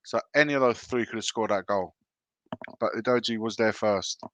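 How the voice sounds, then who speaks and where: Male watch-along host, forceful tone, running commentary on the match with casual asides, dry sound. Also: on the low side, moderate pace, dry recording. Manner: play-by-play calling of the action, chatty asides.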